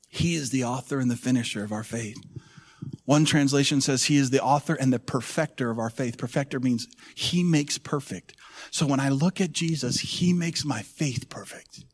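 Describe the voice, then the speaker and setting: A middle-aged man preaching a sermon as pastor, swinging from hushed, intimate lows to loud rousing calls to the congregation. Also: breathy edge.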